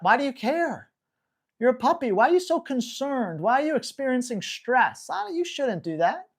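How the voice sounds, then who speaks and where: A man's voice: very high-pitched, big pitch swings, moderate pace, husky. A man hosting a live dog-training Q&A, talking bluntly and hammering home key words. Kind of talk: live Q&A stream.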